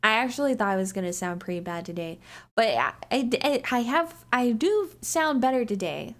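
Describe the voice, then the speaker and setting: A woman's voice: a little high, lively intonation, normal speed. A young woman livestreaming, chatting casually to her viewers in a rambling, giggly way full of "like", her voice slightly strained from talking a lot. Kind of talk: casual chat to a live audience.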